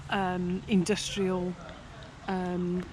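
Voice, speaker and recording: A woman's voice: on the low side, completely flat delivery, extremely slow, darkish tone, slight background noise. Easy-going woman with slightly posh speech. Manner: laughs easily, a little posher speech. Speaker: cycling vlog co-host. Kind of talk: casual outdoor vlog chat. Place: outdoors on a canal towpath.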